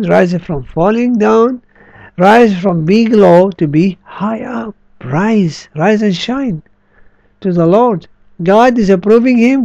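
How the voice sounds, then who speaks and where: A man preaching a sermon, slow and emphatic, drawing out key words. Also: high voice, creaky, dark tone, no echo, low-quality recording.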